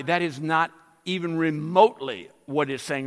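A man preaching to his congregation in a high, bright voice. He drives his points home with emphatic, rising exhortations. His voice rings out with the long reverb of a church sanctuary. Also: animated, unhurried. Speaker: pastor. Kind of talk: sermon.

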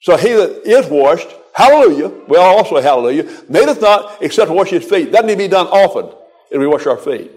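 A man's voice: high-pitched, very animated, brisk, a little mellow. An older man preaching a folksy, exhorting sermon, quoting scripture in a rhythmic cadence.

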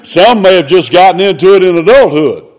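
A man preaching, reading scripture aloud and explaining it, rising to loud exclamations. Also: high-pitched, animated, a little fast. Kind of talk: expository sermon.

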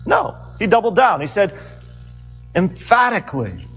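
A man preaching a sermon as a pastor, earnest and animated, asking his listeners rhetorical questions as he retells the story. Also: high-pitched, unhurried, gravelly, long reverb tail, a little hiss or hum, poor audio.

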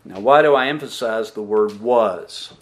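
A man preaching a sermon as a pastor, slow and deliberate, asking the congregation questions and answering them himself, with emphatic pauses on key words. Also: on the low side. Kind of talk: expository sermon.

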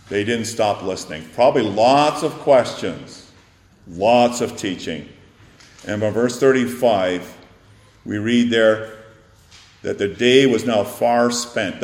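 A man preaching an expository sermon, animated and acting out the disciples' and Jesus' words in a raised voice. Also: lowish voice. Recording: echoey hall with faint noise.

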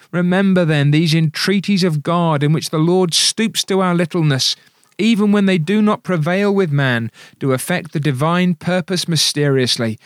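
A man's voice: fairly high pitch, no echo, clean studio sound. A man preaching a sermon in an earnest, pleading way, reading quotations aloud.

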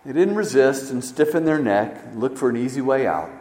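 A man preaching a sermon as pastor, swinging between loud emphasis and hushed, low stresses. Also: expressive, brisk. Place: church sanctuary. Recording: echoey church hall.

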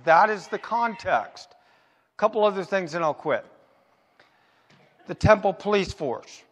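A man preaching a sermon as pastor, asking rhetorical questions and answering them himself, slowing down to stress his points. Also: fairly high pitch, animated, a bit bright, in a large hall. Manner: emphatic, slows down to stress points.

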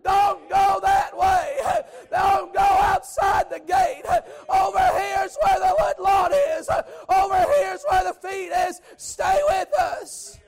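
Preacher doing a shrill frantic mama sheep, shouting and pleading, gravelly. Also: male voice, takes it slowly, few pauses, crowd noise, full character voice. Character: frantic mother ewe calling her lamb.

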